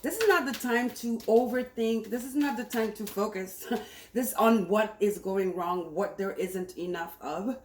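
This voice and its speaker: Speaking a little slowly at medium pitch, a woman gives a casual, enthusiastic tarot reading to camera and keeps repeating herself. She's in a room at home with something cooking on the stove nearby, and the echoey recording carries faint noise.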